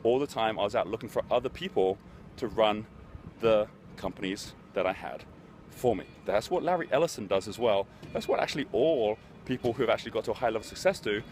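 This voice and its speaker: Speaking briskly in a lowish, slightly mellow voice, a middle-aged man hosts a motivational business talk. He tells his stories earnestly and conversationally, with a bit of background noise in the recording.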